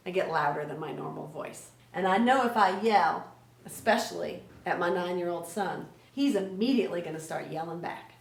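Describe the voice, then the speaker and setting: A woman trainer teaching a conflict resolution lesson to children in an energetic way. She asks questions and often adds "right?". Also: medium pitch, gravelly. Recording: echoey room, mic at a distance.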